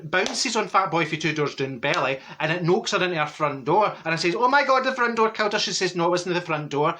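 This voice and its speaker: A man's voice: high-pitched, pushed and bright, exaggerated voice. A man playing a gossiping middle-aged Glasgow woman with a Glaswegian accent, telling rambling comic stories with lots of exclamations. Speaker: comedy character monologue. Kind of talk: comic character storytelling.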